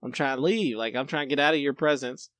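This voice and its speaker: A man co-hosting a podcast, telling a story in relaxed, slangy casual chat. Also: medium pitch, fast, no room sound. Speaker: podcast co-host.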